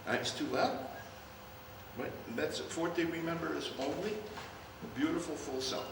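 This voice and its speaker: A man's voice: a little high, gravelly. Guy running band practice, sings the notes, big echoey room, mic far off, band noise. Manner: sings phrases aloud, brisk instructions. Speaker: band conductor. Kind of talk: rehearsal coaching. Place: rehearsal hall. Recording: echoey hall, distant mic, band playing.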